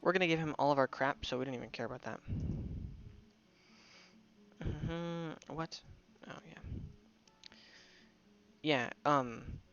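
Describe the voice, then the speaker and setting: A man's voice: fairly high pitch, slow pace, pauses often, a bit bright, dull audio, soft background music. A young man chatting loosely while streaming a game, rambling with many restarts. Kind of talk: casual gameplay commentary.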